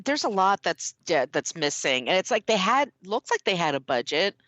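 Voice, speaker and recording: A woman co-hosting a podcast in casual chat, emphatic and quick to agree. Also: lowish voice, very animated, fairly bright tone, no room sound. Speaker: podcast co-host.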